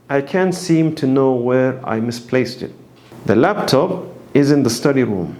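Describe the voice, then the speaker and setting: A man reads through a scripted English lesson, taking each phrase and example at a slow, careful pace. His pitch moves about widely as he switches between explanations and acted-out examples. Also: a little mellow. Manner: slow, deliberate reading of phrases and example sentences. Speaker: English teacher.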